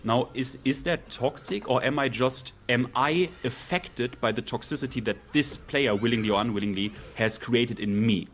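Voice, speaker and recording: A man's voice: medium pitch, moderate pace, few pauses. Earnest man with faint background hiss. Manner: earnest, argumentative, asks rhetorical questions. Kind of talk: casual chat on a gaming stream.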